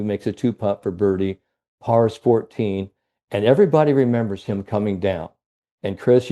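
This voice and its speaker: A man from Ohio, a mental performance coach, telling stories as a guest in an interview, with a lively storytelling manner. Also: lowish voice. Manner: animated storyteller, frequent "you know".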